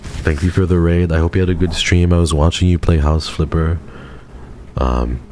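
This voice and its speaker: A young man talks to his stream audience in a playful, teasing, mock-dramatic way. His voice sits extremely low and sounds dark and mellow. A faint hiss runs under his desk mic. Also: steady tone, normal speed. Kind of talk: casual live-stream chat with chat.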